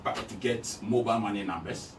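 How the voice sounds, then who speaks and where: A man from Ghana speaks in a lowish voice, pressing his points with emphatic repetition. He sounds distant in a reverberant room. Steady background noise sits under the voice. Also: brisk. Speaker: guest. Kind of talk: casual interview talk. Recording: echoey room, distant mic, noisy.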